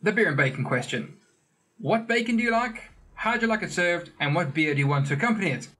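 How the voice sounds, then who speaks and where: A man's voice: sits high, expressive, quick pace, bright, forceful tone. A man hosting a podcast who speaks in an upbeat, friendly way. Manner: upbeat, friendly, says "dude" a lot. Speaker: podcast host. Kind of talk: casual podcast chat.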